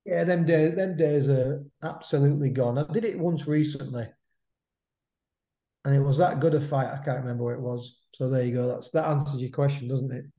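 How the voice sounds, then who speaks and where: This is a man in his fifties chatting on a podcast, his voice dark and mellow. He loops back on his phrases and tags them with "isn't it?" The sound carries a noticeable room echo. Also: mid-range voice, brisk. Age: 50s. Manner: chatty, repeats himself, drops in "mate" and "isn't it?" tags. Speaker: podcast co-host. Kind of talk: casual chat about boxing. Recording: roomy echo.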